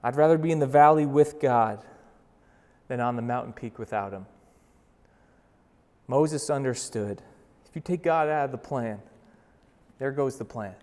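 Young male pastor, sermon; casual and dynamic, loud then soft, in an echoing sanctuary. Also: mid-range voice. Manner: swings from loud urgent bursts to slow hushed emphasis; conversational, with fillers and restarts. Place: church sanctuary. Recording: long reverb of a large hall.

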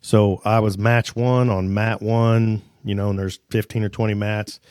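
A man hosting a casual interview, telling a story in a hesitant, halting way. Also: lowish voice, little pitch movement, a little mellow, dry recording, clean studio sound. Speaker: podcast host.

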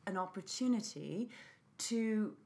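A woman music teacher talking in an interview, animated, acting out chants and dropping to a whisper to show quiet singing. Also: medium pitch, slow.

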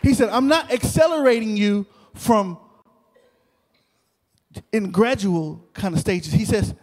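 High-pitched preacher guy telling a story, lots of repeats, calling out to the crowd, big hall reverb. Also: takes it slowly. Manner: animated, repetitive, talks to the crowd. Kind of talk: sermon storytelling. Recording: long reverb of a large hall.

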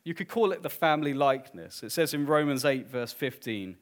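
Animated man preaching, lively pitch. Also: brisk. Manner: animated preaching, swings from hushed to loud emphasis. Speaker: pastor. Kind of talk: sermon.

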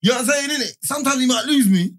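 A young man, co-hosting a podcast in relaxed, slangy, rambling banter. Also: very high-pitched, rapid-fire. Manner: laid-back, slangy, rambling. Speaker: podcast co-host. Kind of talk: casual banter.

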